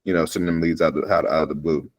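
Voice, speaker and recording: A man's voice: rumbling low, steady tone, racing. A man asking questions as a trainee on a live video call, hesitant and full of fillers.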